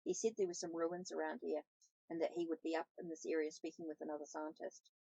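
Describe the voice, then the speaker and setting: A woman's voice: low voice, flat delivery, quick pace, vocal fry, warm tone, husky, no room sound, heavily acted, low-quality recording. A woman reading the lines of a shy, nervous male professor from abroad in a storybook, plainly read aloud with small slips. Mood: earnest.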